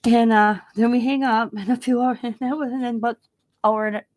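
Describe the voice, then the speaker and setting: A woman's voice: fairly high pitch, steady tone, brisk, a little mellow. Rambling middle-aged woman crafting. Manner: rambling storyteller, acts out quoted voices. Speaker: craft vlogger. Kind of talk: casual chat while crafting. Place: home craft desk.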